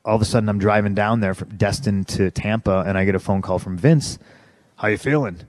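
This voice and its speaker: A man's voice: on the low side, little pitch movement, quick pace, darkish tone, no echo. A man in an interview telling his story bluntly, swearing often and restarting his sentences. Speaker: interview guest. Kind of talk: candid conversational storytelling.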